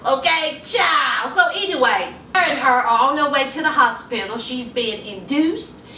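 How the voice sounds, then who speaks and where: A woman recapping a reality show in a sassy, animated way, talking straight to her viewers. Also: high voice, distant mic. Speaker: TV recap vlogger. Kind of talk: sassy casual recap monologue. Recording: echoey room, a bit off-mic, faint room noise.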